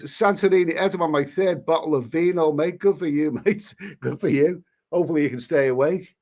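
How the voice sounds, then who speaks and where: A man, hosting a live stream and rambling through crude commentary with many restarts. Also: fairly high pitch. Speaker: livestream host.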